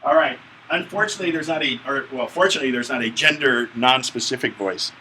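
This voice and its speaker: A man's voice: mid-range voice, fast, sharp tone, slight background noise, low-quality recording. A man teaching a live tech class, explaining step by step in a chatty, joking way. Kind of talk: hands-on tech class instruction.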